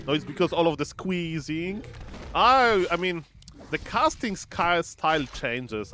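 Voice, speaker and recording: A man's voice: on the high side, sing-song, a little slow, sharp tone, slight background noise. Playful, chatty male esports caster. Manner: playful, chatty, exclaims and reads chat aloud. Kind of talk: casual live-stream game commentary.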